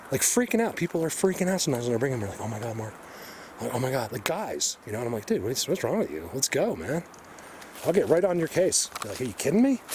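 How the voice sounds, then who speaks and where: A man vlogging as he walks through a forest, rambling excitedly and sometimes dropping to a hushed voice. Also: mid-range voice. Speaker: bigfoot researcher vlogger. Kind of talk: casual walking vlog. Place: outdoors in a forest. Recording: outdoor ambient noise.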